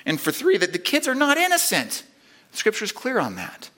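A man preaching a sermon, emphatic, building to loud repeated stresses and then dropping low and quiet. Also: huge pitch swings, normal speed.

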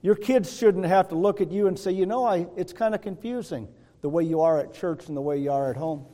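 A man preaching in a church with a fairly high, mellow voice. He talks in a folksy, conversational way, tossing asides to his listeners. The sound rings with a long reverb from the hall. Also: a little fast. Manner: folksy, asks the congregation "Hello?". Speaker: pastor. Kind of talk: sermon. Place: church sanctuary.

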